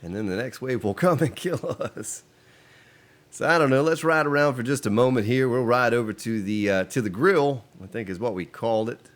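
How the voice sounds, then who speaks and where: A man's voice: mid-range voice, moderate pace. A man casually commenting on his game during a live stream, chatting with viewers as he plays. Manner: relaxed and chatty, reading out and answering viewer chat.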